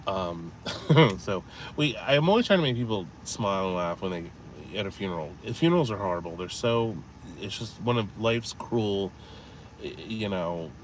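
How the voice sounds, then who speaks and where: A vlogger wanders city streets and alleys in a casual walking vlog, rambling, telling stories, reading live chat and swearing offhandedly. His voice sits low and expressive at a moderate pace, with faint traffic in the background.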